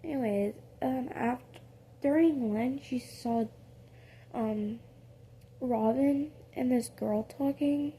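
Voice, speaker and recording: A woman's voice: high voice, slow pace, warm tone, slight background noise. A woman improvising a casual second-person story, rambling with many fillers and corrections of herself.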